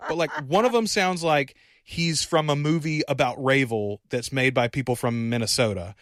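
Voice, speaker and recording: A man's voice: fairly high pitch, a bit bright, dry recording. Rambling man, dry close sound. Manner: rambling, lots of fillers and self-corrections. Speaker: podcast co-host. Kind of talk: casual film discussion.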